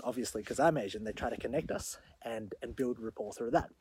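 A man hosting his own show, telling a story in an animated monologue that grows loud when he retells the confrontation. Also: mid-range voice, fairly quick, slight background noise. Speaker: podcast host.

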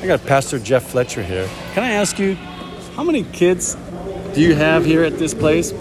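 A man's voice: on the high side, very animated, normal speed, over music. A man going around a camp doing casual on-the-spot interviews, upbeat and joking. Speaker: event reporter interviewing attendees. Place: outdoor camp.

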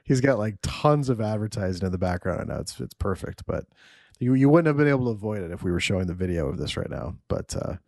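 A man's voice: on the low side, lively intonation, fast talker, creaky, a little mellow, no echo, clean studio sound. A man hosting a casual podcast, talking loosely, swearing and laughing often. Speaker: podcast host.

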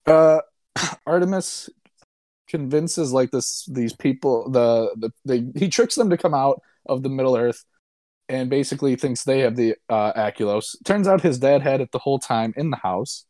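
A man's voice: mid-range voice, animated, normal speed, mellow, dry recording, clean studio sound. A young man casually and sarcastically recapping a movie he disliked, rambling and swearing as a podcast co-host. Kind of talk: casual chat.

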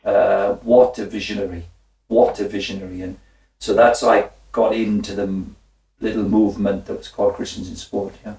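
Brief: man in his 60s, gravelly low voice, animated storyteller, echoey room with the mic at a distance. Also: normal speed. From Wales. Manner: animated, laughing, acts out his own side of dialogue. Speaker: guest, former footballer and minister. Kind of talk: conversational storytelling.

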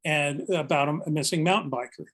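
A man's voice: on the high side, fairly quick, fairly bright tone, slightly rough. An older man, a search and rescue volunteer, telling a story in a casual, earnest and reflective podcast conversation. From United States.

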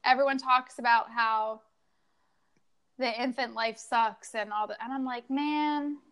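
A young woman with a fairly high voice chats casually as a podcast co-host. She tells stories in an animated way and plays out the back-and-forth as she goes. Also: unhurried. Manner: animated storytelling, acts out dialogue. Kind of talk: casual chat.

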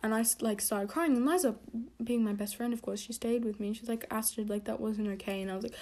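A young woman tells a story on her own podcast in a loose, rambling way, stopping and restarting often. Her voice sits a little high and jumps higher when she gets worked up. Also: quick pace. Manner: rambling, full of fillers and self-corrections; animated storytelling, pitch jumping when excited. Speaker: podcast host. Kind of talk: casual rant.

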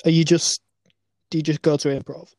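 A woman's voice: sits low, level tone, brisk, a little mellow. A woman co-hosting a podcast, teasing her co-host in a dry manner. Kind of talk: casual chat.

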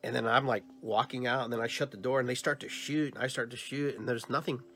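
A man's voice: mid-range voice, fast. Man telling a dream story. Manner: animated storyteller who acts out quoted dialogue. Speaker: podcast host. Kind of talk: recounting a dream on a podcast.

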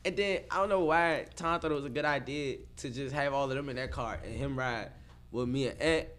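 Animated laughing man telling a story. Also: medium pitch, brisk. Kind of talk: casual storytelling chat.

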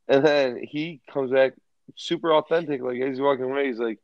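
A man co-hosting a casual podcast, profane and animated as he tells stories. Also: mid-range voice, brisk, no echo. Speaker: podcast co-host. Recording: dull lo-fi sound.

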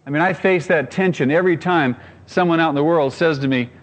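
A man's voice: a little high, a little fast. Earnest man preaching in a reverberant hall. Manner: earnest, emphatic preaching with repeated phrases. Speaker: pastor. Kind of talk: sermon.

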